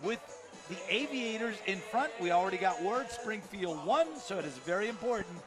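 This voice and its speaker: A man's voice: lively intonation, normal speed, music in the background. A man doing tennis broadcast commentary from an outdoor venue, upbeat and promotional, calling out scores and standings. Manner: upbeat, promotional, shouts out highlights. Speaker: play-by-play commentator.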